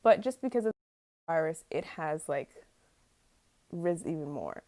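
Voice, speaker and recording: A woman's voice: deep voice, animated, a little slow, dark tone, no echo. A young woman ranting casually to camera, rambling and exasperated, stumbling over words and laughing at herself. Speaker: vlogger.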